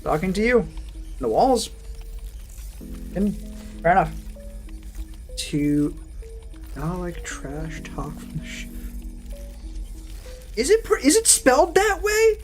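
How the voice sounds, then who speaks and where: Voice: medium pitch, sing-song, slow pace, long pauses, faint music behind. A VTuber streamer chatting casually with a live audience and answering chat, with a sardonic, profane, rambling manner.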